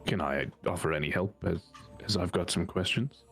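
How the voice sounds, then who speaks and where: A man's voice: deep voice, moderate pace, a bit bright, soft background music. A man playing a tabletop game who talks in character in a hesitant, polite way and often restarts his sentences. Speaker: player.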